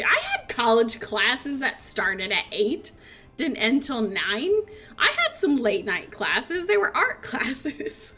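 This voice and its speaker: A young woman with a high, sharp voice streams a life-sim game, chatting casually with her viewers. She giggles, reads chat messages aloud, and keeps collapsing into fits of laughter as she reacts.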